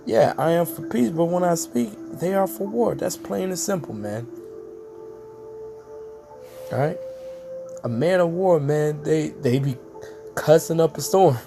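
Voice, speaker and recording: With a fairly high, gravelly voice and lively intonation, a man teaches scripture in a relaxed, slang-filled way, stretching words out for emphasis and regularly pausing to check that his audience follows. He is a street preacher, and his teaching is full of asides. Music plays in the background.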